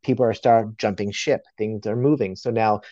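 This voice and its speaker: A man's voice: lowish voice, fairly even intonation, normal speed, dark tone, dry recording. A man casually telling a long workplace story as a guest, peppering it with "you know". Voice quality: frequent "you know" fillers. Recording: dull lo-fi sound.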